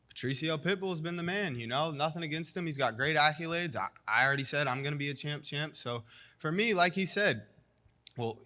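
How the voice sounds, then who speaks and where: A man's voice: mid-range voice, sharp tone. A young man in a post-fight interview, talking confidently and cockily, with frequent "you know" fillers.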